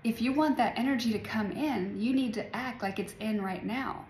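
Talking casually to viewers about energy and healing, a woman in her forties rambles and laughs frequently. Her voice sits on the high side with a darkish tone at normal speed, in an echoey room with faint ambience and slight hiss or hum.

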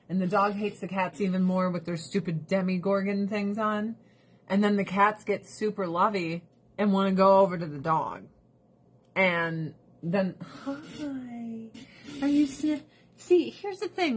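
A woman's voice: mid-range voice, husky. A woman vlogger giving casual, sarcastic ranting commentary, laughing often and talking to her pets and viewers.

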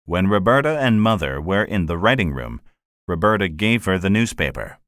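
A man narrating a classic children's story in a measured, expressive way. His voice is very low, yet it moves a lot in pitch. It is recorded dry and close. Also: no echo. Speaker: audiobook narrator. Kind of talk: scripted narration.

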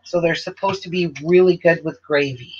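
Speaking at a normal speed, a woman with a fairly low, steady, slightly mellow voice hosts her quilting channel's casual live-stream chat from indoors at home. She rambles, restarting a lot and trailing off. The audio is dull and lo-fi, with a faint hiss of noise.

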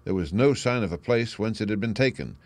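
Man reading as a sharp confident detective, crisp brisk deductions, audiobook, dry close sound. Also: on the low side, lively intonation, no echo, close to an everyday voice. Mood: assured. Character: sharp, confident male detective, lively and assured.

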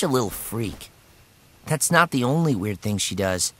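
Male narrator, first-person children's story, expressive, lively pitch, bright tone. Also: moderate pace. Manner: expressive and animated. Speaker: audiobook narrator.

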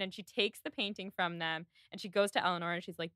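A woman hosting a podcast, chatting casually and retelling scenes with quick quoted lines. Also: medium pitch, expressive, sharp tone, no echo, clean studio sound. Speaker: podcast host. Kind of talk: casual chat recapping a period drama.

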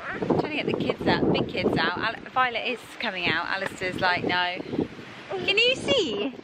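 Lively, chatty mum vlogging from home. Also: female voice, a little fast. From southern England. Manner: chatty, talks to pets and kids in a high cooing voice. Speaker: family vlogger. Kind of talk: casual vlog chat. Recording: loud background noise.

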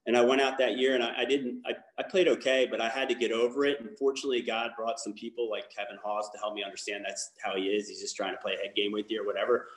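A man's voice: on the low side, little pitch movement, fast talker, hardly any pauses. Candid man with fillers in an echoey room. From Baltimore. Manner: candid, rambling with many fillers and restarts. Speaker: guest speaker, lacrosse coach. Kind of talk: personal testimony talk.

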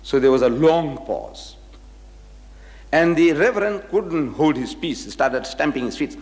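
A man's voice: fairly high pitch, a little slow, slight background noise. A man giving a public lecture, telling anecdotes and acting out the quoted dialogue with animation. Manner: animated storyteller who acts out quoted dialogue. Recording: echoey hall reverb.

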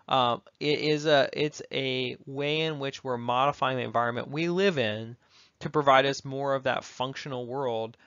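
A male university lecturer talks through a recorded lecture, easygoing and conversational, often tagging his points with a quick "right?". His voice sits at an ordinary middle pitch. The recording is dry and a little dull, with no room sound. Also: a bit bright, dry recording. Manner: conversational, frequent tag questions.

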